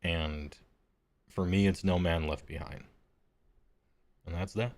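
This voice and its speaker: A man with a deep voice, the game master chatting casually before a streamed tabletop session, rambling and self-deprecating. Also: fairly even intonation, takes it slowly.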